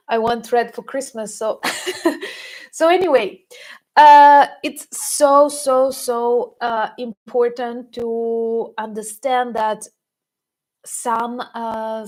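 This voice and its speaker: Woman host, fairly high voice, unhurried and halting, leaning hard on key words. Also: a little mellow, rough recording. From Ukraine. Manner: hesitant, many fillers and restarts, emphatic. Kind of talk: live-stream commentary.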